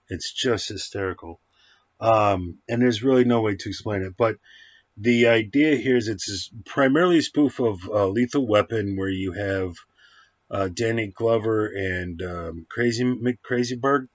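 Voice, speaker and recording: A man's voice: on the low side, dry recording. Rambling man in a dry, dull recording. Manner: rambling, scattered, many fillers and restarts. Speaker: movie reviewer. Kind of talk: casual rambling film review.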